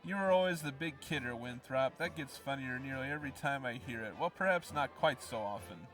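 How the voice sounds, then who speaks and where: A man's voice: medium pitch, expressive, a little fast, fairly bright tone, recorded from a distance, faint music behind, close to an everyday voice. A man voicing a young male elf adventurer in a wry, dry manner close to his own voice.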